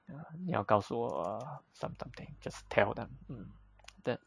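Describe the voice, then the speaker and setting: A man's voice: medium pitch, animated, moderate pace, gravelly, slightly rough. A man teaching vocabulary, explaining patiently step by step in plain, slightly broken English with simple examples. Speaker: Chinese teacher.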